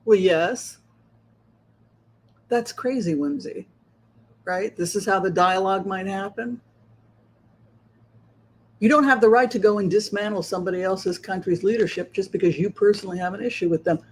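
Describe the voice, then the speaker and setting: A man's voice: high voice, moderate pace, pauses often, slightly rough. A man hosting a livestream of political commentary, talking rhetorically and often tagging his points with a questioning "right?". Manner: rhetorical, keeps asking "right?". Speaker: psychic show host.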